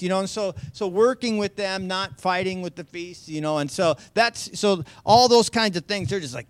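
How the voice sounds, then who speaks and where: A man's voice: high-pitched, expressive, moderate pace, few pauses, no echo. Chatty man teaching a Bible lesson. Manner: conversational, many fillers and restarts, jokey asides.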